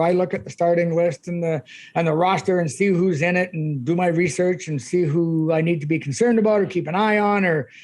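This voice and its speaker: A middle-aged man, a guest on a podcast, telling stories in a chatty way and often laughing. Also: sits high. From Canada. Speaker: guest, ultramarathon runner. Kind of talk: casual storytelling.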